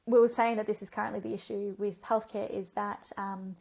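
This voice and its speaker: A woman, a physiotherapist guest on a podcast, telling stories in a chatty, animated way with lots of fillers. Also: mid-range voice, a little fast, creaky. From Australia. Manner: chatty storyteller, animated retellings, frequent um and like. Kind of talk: conversational podcast interview.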